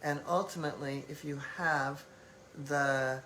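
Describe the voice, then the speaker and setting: A woman's voice: deep voice, fairly even intonation, measured pace, fairly bright tone, a little hiss or hum, poor audio. A woman hosting a live-stream talk, speaking reflectively in loose phrasing with many fillers. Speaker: host.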